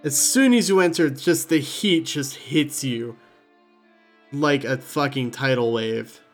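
A young man narrating as game master in a relaxed, rambling way, swearing casually. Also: mid-range voice, slow, soft background music.

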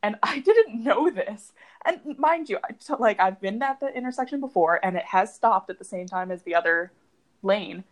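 A young woman from the United States co-hosting a podcast in casual chat, telling stories with a lively, animated delivery. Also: normal speed. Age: young adult. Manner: animated storyteller, lively swings in pitch. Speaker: podcast co-host.

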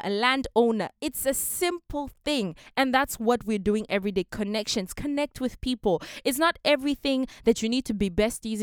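A young woman from Africa talks through her motivational podcast in an earnest, emphatic way, driving her points home by repeating them. Her voice sits on the higher side and comes across smooth and clear. The recording is close and dry. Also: no room sound. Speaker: podcast host. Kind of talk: casual motivational podcast talk.

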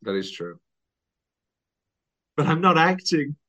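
A man's voice: fairly high pitch, slow pace. A young man hosting a casual film podcast, chatty and laughing often. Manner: chatty, laughs often, lively retelling with put-on voices. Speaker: podcast host.

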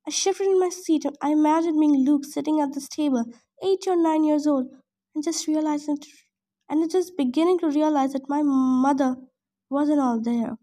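A woman reading a novel aloud in first person, steady, with the odd slip she corrects. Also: high-pitched, normal speed. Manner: steady first-person narration with small slips. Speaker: audiobook reader.

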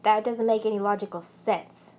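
A woman's voice: medium pitch, steady tone, moderate pace, warm tone. A young woman with a British accent vlogging about her ex, rambling and swearing heavily, with angry bursts. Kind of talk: emotional personal rant.

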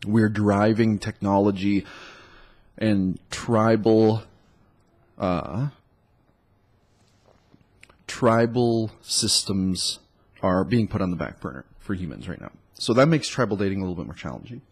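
A man's voice: lowish voice, unhurried, pauses often, husky. A man who has a cold, talking as a dating coach in a loose, rambling solo monologue full of likes and ums. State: stuffed up with a cold.

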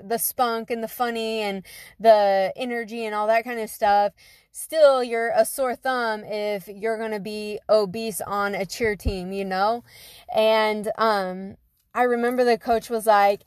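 Chatty woman telling her story, slightly high. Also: steady tone, measured pace, smooth, dry recording, clean studio sound. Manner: conversational, many fillers and "you know". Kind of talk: personal storytelling.

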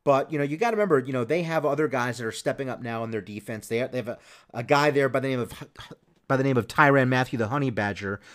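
A man's voice: mid-range voice, fast, a bit bright. A man hosting a sports podcast, talking casually and rambling with many restarts and fillers. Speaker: podcast host.

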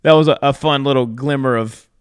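A man's voice: mid-range voice, a little fast, clean tone, dry recording, studio quality. A young man, a podcast guest casually telling a story and acting out the quotes. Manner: animated storyteller, acts out quotes loudly.

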